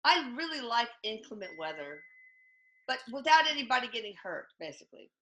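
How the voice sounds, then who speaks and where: A woman hosts a casual chat, chatty and quick to poke fun at herself. Her voice sits fairly high and is bright, with lively swings in pitch. The room around her is echoey. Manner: chatty, self-mocking, animated. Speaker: host.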